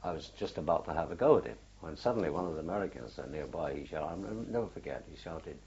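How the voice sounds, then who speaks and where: An older man with a very low, husky voice recalls his wartime days in an oral history interview. He tells it haltingly, circling back with fillers and restarts. The recording is dull and lo-fi, like an old archive tape. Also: expressive, a little mellow. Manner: halting, unhurried storytelling with many fillers and restarts. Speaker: war veteran interviewee.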